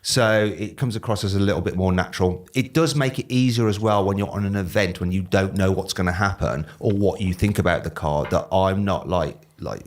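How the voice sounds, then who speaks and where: A man's voice: low-pitched, fairly quick, hardly any pauses. A man, a car video presenter talking casually and self-deprecatingly in a podcast interview.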